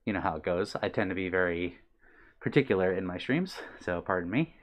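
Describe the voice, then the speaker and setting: A man's voice: low-pitched, animated, brisk, muffled recording. A man chatting casually on a live stream, reading viewer messages aloud with lots of ums and uhs, a little out of breath at times. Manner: friendly, reads chat messages aloud, many ums. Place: his own room on stream.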